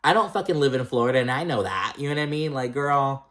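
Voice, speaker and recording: A man's voice: mid-range voice, lively intonation, fast talker, a bit bright. A man recapping reality TV in casual chat, blunt and sassy, swearing a lot and calling people "girl".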